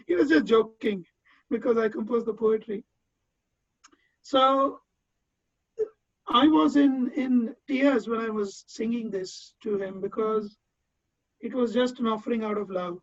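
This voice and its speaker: This earnest tribute comes from a man speaking as a disciple, recalling personal memories with frequent restarts. He is very high-pitched and measured, pausing often. The sound is dull, dry and lo-fi, without echo.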